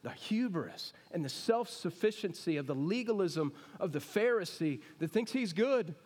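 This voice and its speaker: A pastor preaching, his voice sitting a touch high for a man. He keeps it conversational and keeps asking the congregation questions. The sound carries the long reverb of a church hall. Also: lively intonation, normal speed, a little mellow. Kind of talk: sermon. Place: church sanctuary.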